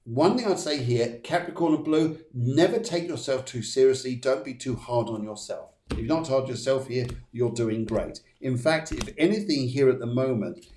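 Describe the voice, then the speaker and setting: A man's voice: medium pitch, dark tone, reverberant. A man hosting a live stream as a psychic medium, giving card readings to viewers in a chatty, rambling way with many fillers and restarts.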